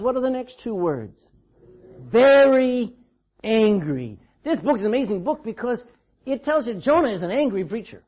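A man's voice: high-pitched, slightly rough, muffled recording. A man preaching a sermon in a church, telling the story dramatically and with emphasis. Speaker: pastor.

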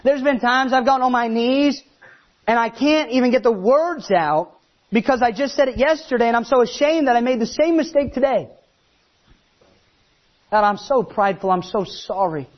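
A man preaches with a high, lively voice, slipping into the voices he quotes. The recording sounds slightly muffled and dull. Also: normal speed. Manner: animated, acts out quoted voices. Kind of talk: sermon.

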